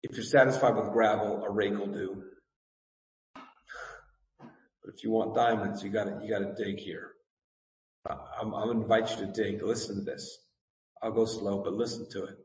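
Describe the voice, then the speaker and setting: A pastor with a lowish voice and little pitch movement preaches in a large, echoing sanctuary, picked up by a far-off microphone with long reverb. Scripture comes first, read with growing fervor, before he settles into slow, earnest instruction, restating his points for emphasis.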